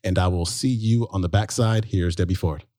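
Man, podcast host, deep voice, dry sound, earnest and reflective intro. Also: moderate pace, warm tone, no echo.

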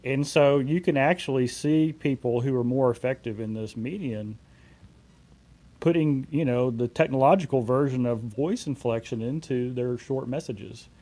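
A man in his forties, a company CEO, being interviewed and telling anecdotes in a relaxed way with frequent fillers. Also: medium pitch, moderate pace. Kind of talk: conversational storytelling.

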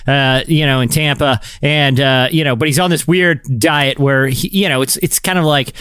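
A man co-hosting a podcast chats casually, rambling with plenty of fillers and laughter. His voice is a little high, fairly bright and clean, with fairly even intonation and normal speed, in a dry recording.

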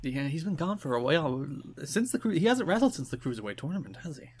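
A man's voice: a little high, husky. An Irish man co-hosting a podcast, chatting casually and sarcastically about wrestling, laughing often. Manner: animated, quick to laugh, sarcastic. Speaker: podcast co-host.

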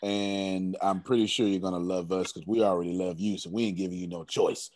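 A man's voice: low voice, steady tone, a little fast, a little mellow, no room sound. A man hosting a group video call, enthusiastic and emphatic, repeating his phrases and laughing often. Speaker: host of a coaching group call.

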